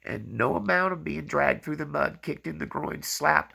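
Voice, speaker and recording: A man's voice: fairly high pitch, normal speed, vocal fry, few pauses, sharp tone, breathy edge. A man hosting his own channel, giving a rambling personal faith testimony full of tag questions. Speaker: channel host.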